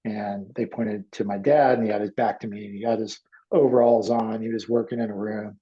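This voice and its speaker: A gravelly middle-aged man, a guest artist, telling personal stories in a halting way and acting out the voices he quotes. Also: fairly low pitch, little pitch movement, dark tone. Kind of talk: emotional personal storytelling. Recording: dull lo-fi audio.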